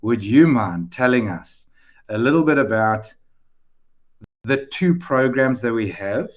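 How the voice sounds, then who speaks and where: A man's voice: medium pitch, dull audio. Upbeat man hosting a webinar. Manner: upbeat, welcoming, chatty. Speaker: webinar host, head of school. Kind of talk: online info session hosting.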